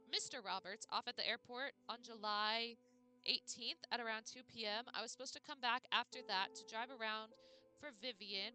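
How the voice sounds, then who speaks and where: A woman's voice: a little high, bright, forceful tone. A woman voicing a polite male chauffeur in a mystery game, reading his alibi in her own plain voice. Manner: plain read-aloud of game text.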